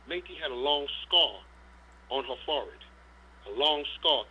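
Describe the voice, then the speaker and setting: A man's voice: a little high, lively intonation, moderate pace, sharp tone, husky. A middle-aged man, a dog breeder guest, telling long rambling stories in an interview, swearing freely and often saying "you know what I'm saying". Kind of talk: casual storytelling interview. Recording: dull lo-fi sound.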